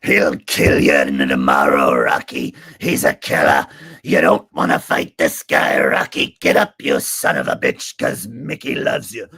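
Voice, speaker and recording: A gruff, barking old boxing trainer. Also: male voice, a bass voice, sing-song, unhurried, pitched below the performer's own voice, exaggerated voice. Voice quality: gravelly, barking. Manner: shouting, urgent.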